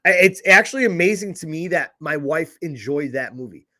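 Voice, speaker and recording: A man's voice: on the high side, lively intonation, fairly quick, pushed and bright. A man co-hosting a podcast, blunt and profane in casual chat. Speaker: podcast co-host.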